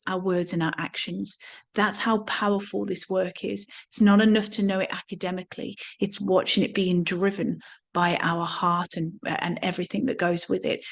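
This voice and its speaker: A woman gives a reflective talk on somatic awareness, her voice sitting at an ordinary middle pitch. She speaks earnestly and doubles back on words now and then as she gathers her thoughts. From England. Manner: earnest, repeats words while thinking. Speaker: somatics teacher.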